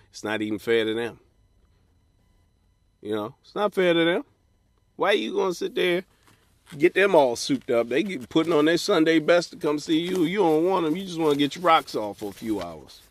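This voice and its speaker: A man's voice: mid-range voice, no room sound, clean studio sound. A man hosting a comedy podcast, delivering a blunt, profane, advice-giving monologue and acting out quoted voices. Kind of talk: stand-up style comic monologue.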